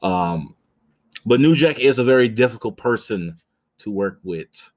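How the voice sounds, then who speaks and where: A man's voice: fairly low pitch, animated, a little slow. A man in his thirties hosting a podcast, telling a story casually with blunt, profane, rambling talk full of restarts. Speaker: podcast host.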